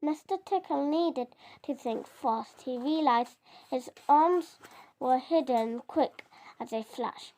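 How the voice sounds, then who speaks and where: A child reading a picture book aloud, halting and often stumbling over words and correcting itself. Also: high-pitched, darkish tone. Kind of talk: storybook reading.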